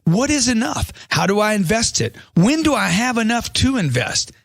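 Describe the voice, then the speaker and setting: A man's voice: high-pitched, sing-song, normal speed, vocal fry, a bit bright, no echo, clean studio sound. A man reading a money self-help book aloud as scripted audiobook narration, in an emphatic motivational way that leans on rhetorical questions.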